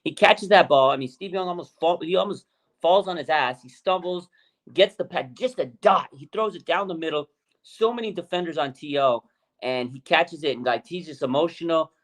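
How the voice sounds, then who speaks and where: A man hosting a casual sports chat, telling stories in an excitable, emphatic way. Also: on the high side, normal speed. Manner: excitable storyteller, animated and emphatic. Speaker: podcast host.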